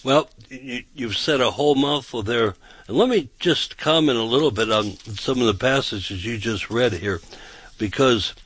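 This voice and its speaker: Rambling pastor, dry close sound. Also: male voice, medium pitch, normal speed, a bit bright, breathy edge, dry recording. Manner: rambling and repetitive, often checking with "okay?". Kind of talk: conversational Bible teaching.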